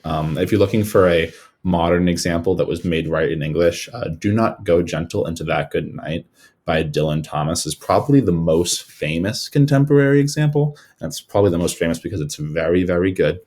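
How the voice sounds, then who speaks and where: Very deep-voiced young man presenting. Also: a little mellow. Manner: casual, earnest, frequent fillers and restarts. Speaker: student presenter. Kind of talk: recorded slide presentation.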